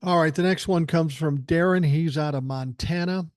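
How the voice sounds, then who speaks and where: A man's voice: a little high, normal speed, dry recording, studio quality. An older man hosting a political podcast, reading listener emails aloud and answering them in a blunt, emphatic way that includes swearing. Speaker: podcast host.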